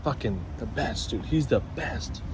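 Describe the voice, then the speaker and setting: A man's voice: medium pitch, animated, unhurried, a little mellow, a little hiss or hum. Profane young man rambling in a vlog. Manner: profane, rambling, laid-back. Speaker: vlogger. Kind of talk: casual vlog monologue.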